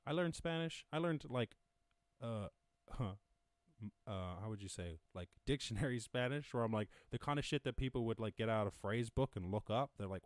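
A man's voice: mid-range voice, lively intonation, fairly quick, clean tone, no room sound. A man with an Irish accent hosting a casual lockdown live stream from home, rambling and joking with plenty of swearing. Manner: profane, jokey, rambling. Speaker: podcast host.

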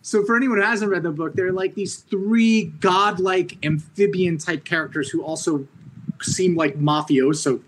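A man from Orange County, New York, a comic writer chatting casually, animated, laughing often and swearing freely. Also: high voice, normal speed, background noise. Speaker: comic book writer guest. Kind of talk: casual podcast conversation.

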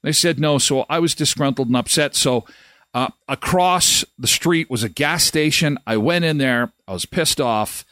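A man's voice: on the high side, normal speed, a bit bright, no echo, clean studio sound. A middle-aged man hosting a live daily show, telling a funny story casually. His voice jumps up when he retells the moments that annoyed him.

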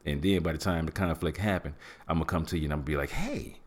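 A middle-aged man hosting a podcast, giving animated, preachy advice in casual talk and acting out what people say. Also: extremely low pitch, racing. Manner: preachy, animated, acts out quotes and hums. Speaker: podcast host.

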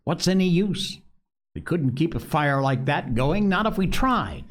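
Guy doing a high timid boy, indignant and pleading, storybook read-aloud. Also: sing-song, a little slow.

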